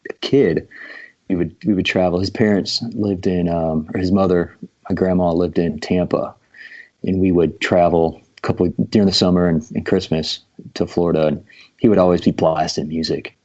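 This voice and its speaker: A man's voice: low voice, fairly even intonation, moderate pace, a little mellow. A man of about forty, a guest drummer, telling stories in a casual podcast chat, laid-back with lots of ums. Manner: laid-back storytelling with many fillers. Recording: dull lo-fi sound.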